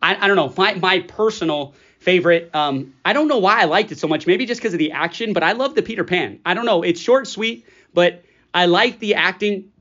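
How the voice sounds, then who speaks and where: Host, male, 40s, chatty and rambling, slightly raised pitch, dull lo-fi audio. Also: brisk, a bit bright. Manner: chatty, rambling, laughs often. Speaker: podcast host. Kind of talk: casual chat. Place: studio. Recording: dull lo-fi studio recording.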